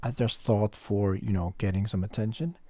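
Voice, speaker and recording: A man's voice: on the low side, fairly even intonation, normal speed, dark tone, no echo. Rambling man chatting on a livestream. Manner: rambling, thinks aloud, reads chat. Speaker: store owner livestreaming. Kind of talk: casual livestream chat.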